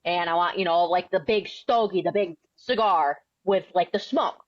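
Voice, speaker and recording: A woman's voice: fairly low pitch, moderate pace, dry recording, lo-fi sound. A young woman in her twenties from New England, a firefighter and author telling her story as a podcast guest in a blunt, outspoken, slangy way. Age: 20s. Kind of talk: casual interview storytelling.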